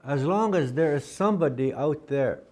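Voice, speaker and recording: A man's voice: fairly high pitch, lively intonation, moderate pace, a little mellow. A man teaching a Dakota language class, patiently repeating words over and over and drilling contrasting word pairs aloud. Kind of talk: spoken language lesson.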